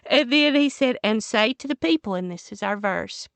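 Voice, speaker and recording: A woman's voice: fairly high pitch, animated, normal speed, creaky, few pauses, a bit bright, no echo. A woman podcast host reading scripture aloud and then reflecting on it in an earnest, devotional way. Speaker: Bible teacher and podcast host.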